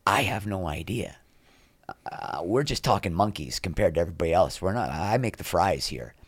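Lively storytelling man, low voice. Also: slightly rough, dry recording. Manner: animated anecdotes, quick asides, acts out quoted people. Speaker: podcast guest. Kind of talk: casual interview storytelling.

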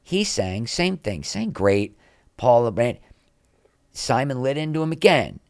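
A middle-aged man telling anecdotes in a casual interview as a podcast guest, lively, with quick asides. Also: mid-range voice, dry recording, clean studio sound. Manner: animated anecdotes, quick asides, acts out quoted people.

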